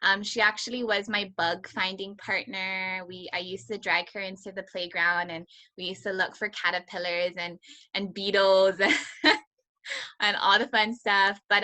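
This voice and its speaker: A woman from Hawaii hosting a team video call, excitedly introducing a guest and laughing easily. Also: mid-range voice.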